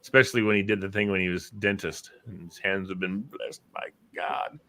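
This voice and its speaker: Animated man retelling radio bits. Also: low voice, fairly quick. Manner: animated storyteller, acts out voices. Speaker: show host.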